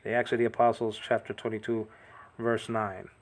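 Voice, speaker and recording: A man's voice: fairly low pitch, little pitch movement, moderate pace. A man giving an informal language lesson, repeating words to correct pronunciation and often checking understanding with "okay". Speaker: teacher.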